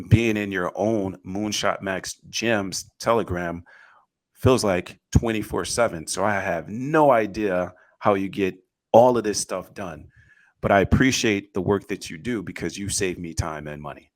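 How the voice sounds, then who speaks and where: A man's voice: fairly low pitch, unhurried. A man co-hosting a casual online panel, upbeat and steering the talk from one segment to the next. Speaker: co-host.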